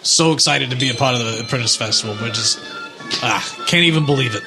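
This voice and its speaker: A man's voice: mid-range voice, quick pace, music in the background, close to an everyday voice. A man as a chatty, apologetic shipbuilder. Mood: friendly. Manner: warm, rambling, apologetic, with stammered restarts. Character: friendly chatty adult male shipbuilder.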